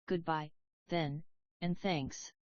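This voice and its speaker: A woman's voice: low-pitched, fairly even intonation, slow pace, highs cut off. A woman reading the part of a shy, polite young male salesman who talks hesitantly.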